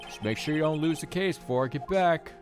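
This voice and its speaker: A man's voice: fairly high pitch, fairly quick, soft background music, pitched above the performer's own voice, lightly acted. A man voicing a friendly male detective in a raised, upbeat, folksy voice.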